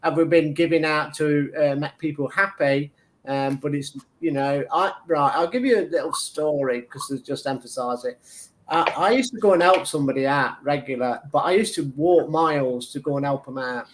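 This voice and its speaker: A man's voice: a little high, normal speed, a little hiss or hum. Rambling man giving a psychic reading. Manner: chatty and meandering, lots of fillers and restarts, acts out his own inner arguments. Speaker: tarot reader and medium on a live stream. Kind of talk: intuitive reading on a live stream, rambling.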